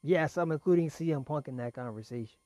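A man talks through wrestling results in a loose, rambling way, now and then laughing mid-sentence. His voice sits a bit high for a man but has a dark, mellow tone. He is fighting off a cough, and the close recording is dry. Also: fast, no room sound. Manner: chatty, rambling, laughs while talking. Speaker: wrestling show reviewer. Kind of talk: casual solo recap.

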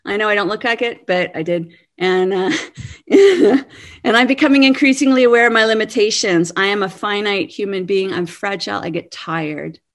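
A woman in her fifties giving a sermon-style talk, earnest and animated, laughing now and then. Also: mid-range voice. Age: 50s. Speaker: speaker.

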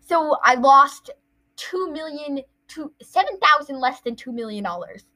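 A woman's voice: sits high, animated, a little slow, bright, forceful tone, poor audio. A woman co-hosting a podcast, rambling through a playful made-up story in casual chat. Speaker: podcast co-host.

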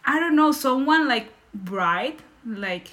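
A woman from Nicaragua, a podcast guest telling stories in lively, English and laughing often. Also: sits high, slow pace. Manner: animated, laughing, non-native English phrasing. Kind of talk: casual storytelling in conversation.

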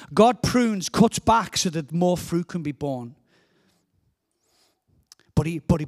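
Passionate Scouse preacher, fairly high voice. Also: male voice. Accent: Liverpool. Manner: passionate, repeats words while building up. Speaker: guest preacher. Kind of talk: sermon.

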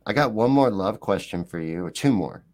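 A man's voice: fairly low pitch, expressive, moderate pace, a little mellow. A man co-hosting a podcast, chatting casually in a playful, teasing, rambling way. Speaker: podcast co-host. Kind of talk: casual joking chat.

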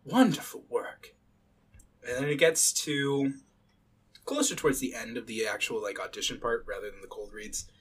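A man's voice: medium pitch, steady tone, fairly quick, a bit bright, husky. A man as game master, narrating a tabletop game in a casual, filler-heavy way.

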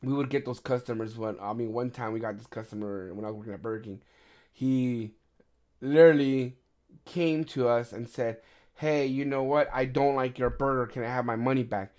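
Middle-aged male host, casual storyteller, heavy cursing, animated retellings. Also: medium pitch, moderate pace. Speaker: podcast host. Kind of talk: casual chat.

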